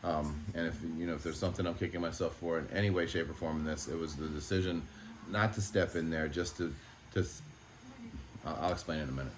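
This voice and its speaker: A man who runs an animal sanctuary, speaking in an emotional vlog monologue, halting and frustrated, often swearing. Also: rumbling low, fairly even intonation, slight background noise.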